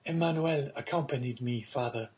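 An overjoyed young daughter, as a male audiobook reader puts her on, talking high, breathless and excited. The voice climbs well above an ordinary man's register and tumbles forward eagerly. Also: normal speed, lightly acted. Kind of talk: audiobook character reading.

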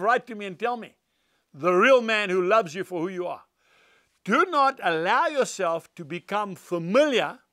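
A man's voice: sits high, fairly bright tone, dry recording, clean studio sound. An older man, telling stories and preaching in an earnest, emphatic devotional talk.

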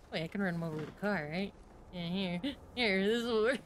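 A young woman streamer commenting on a horror game, excitable and swearing, laughing and yelping when scared. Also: medium pitch, slight background noise. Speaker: gaming streamer. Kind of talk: let's-play commentary.

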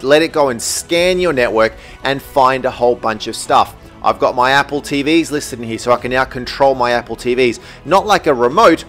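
A man with an Australian accent, an enthusiastic tech YouTuber walking through a product review in an upbeat, animated way. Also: medium pitch.

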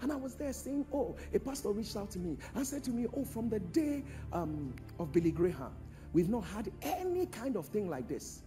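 Pastor preaching with lively pitch. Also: male voice, moderate pace, soft background music. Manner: call-and-response preaching, swings from hushed to shouting. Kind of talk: preaching a sermon.

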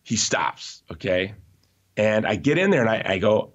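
A man being interviewed, telling stories in an animated, emphatic way with frequent restarts. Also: on the low side, moderate pace, dull audio. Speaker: interview guest. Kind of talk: conversational podcast interview.

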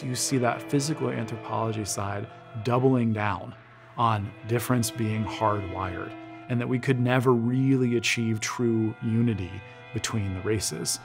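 A man's voice: medium pitch, gravelly. A man giving an expert documentary interview with emphatic, lecturing delivery.

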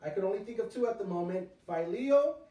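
Guy preaching a bible lesson, fairly high voice, earnest, leans hard on key words, echoey room, sounds a bit far off. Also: lively intonation, fairly quick, mellow. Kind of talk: sermon-style Bible teaching.

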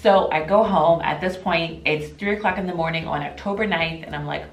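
A woman vlogger telling her own birth story to camera in an emotional, animated way, often quoting what people said. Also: deep voice, a little fast, gravelly. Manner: emotional, animated retelling with quoted voices. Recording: echoey room with faint music.

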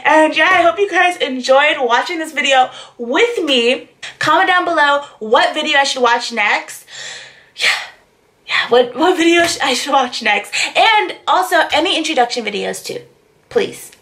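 A woman's voice: high-pitched, animated, unhurried, a bit bright. A young adult woman hosting a reaction vlog, bubbly and slangy, with "like" in nearly every sentence. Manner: bubbly, slangy, says "like" constantly. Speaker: YouTube reactor. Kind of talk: excited reaction vlog chat.

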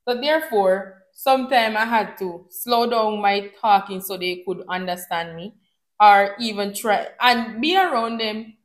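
A Jamaican woman telling a vacation story in a casual vlog, switching between patois and English with an animated delivery. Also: medium pitch, unhurried, roomy sound. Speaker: vlogger.

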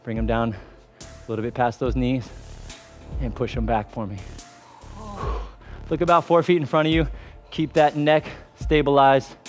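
A man coaching a follow-along workout, energetic, pushing and cheering the viewers on. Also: medium pitch, unhurried, faint music behind. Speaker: fitness instructor.

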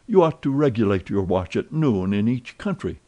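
Man reading a composed suspicious detective, warm low voice, measured, probing, storybook reading. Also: big pitch swings. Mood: calm probing. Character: calm, suspicious male police detective.

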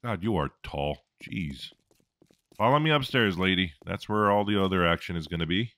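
Low-voiced man reacting to a game. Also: expressive, normal speed, pushed and bright, no echo. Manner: reactive, swears and jokes while fighting. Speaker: gameplay commentator. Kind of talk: let's-play commentary.

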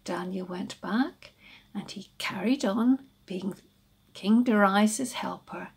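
A woman tells a children's Bible story in a hushed, dramatic manner, drifting into whispers. Her voice is very breathy and husky, her telling slow and deliberate. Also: medium pitch.

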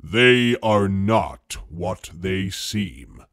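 A man voicing a huge, snarling male wolf-like beast that speaks in a deep, menacing voice, slow and full of contempt. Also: lively intonation, fairly bright tone, dry recording, clean studio sound, heavily acted. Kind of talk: storybook horror narration.

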